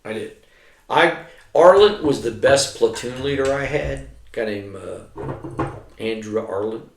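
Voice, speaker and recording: A man's voice: medium pitch, lively intonation, unhurried, gravelly, noisy background. A middle-aged man, an army veteran, telling rambling war stories in casual chat, swearing constantly. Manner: profane, rambling, heavy swearing. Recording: echoey room.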